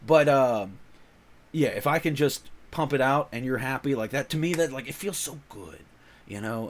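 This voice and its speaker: A man talking loosely and animatedly as a channel host, his voice sitting in an ordinary middle pitch. He rambles with plenty of fillers and self-corrections, laughing often. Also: moderate pace, a little hiss or hum. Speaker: voice-over actor and comics channel host. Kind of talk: casual rambling chat.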